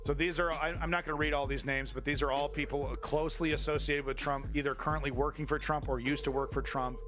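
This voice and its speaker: Man, live-stream host, heated, profane, rambling, higher pitch, soft background music. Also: level tone, fast. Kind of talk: angry political commentary to chat.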